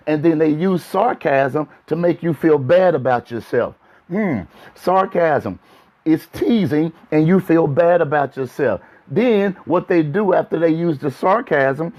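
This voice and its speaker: A man's voice: on the high side, expressive, moderate pace. A man, a pastor, giving a casual livestream sermon talk, chatty and repetitive, speaking straight to his viewers. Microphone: phone livestream. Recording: dull lo-fi phone stream.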